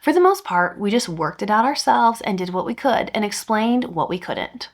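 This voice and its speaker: A woman's voice: medium pitch, lively intonation, normal speed. A woman, hosting a podcast and reading a revenge story aloud with dry asides. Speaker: podcast host reading stories.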